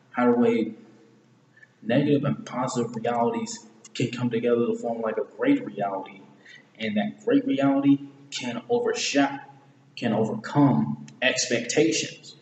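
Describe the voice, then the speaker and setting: A man's voice: medium pitch, a little mellow. A man casually analyzing a movie, rambling, correcting himself often and using slang. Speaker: movie reviewer. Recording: echoey room with long reverb, faint hiss.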